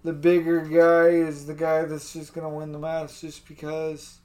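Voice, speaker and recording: A man's voice: a little high, monotone, unhurried, a little mellow. A man chatting casually about wrestling, laid-back and rambling, often calling his partner dude. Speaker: co-host.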